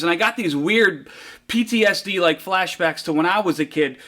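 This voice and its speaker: A male motivational speaker tells his story in an animated way, and his rhetoric climbs to big repeated climaxes. His voice sits high for a man and has a bright, ringing edge.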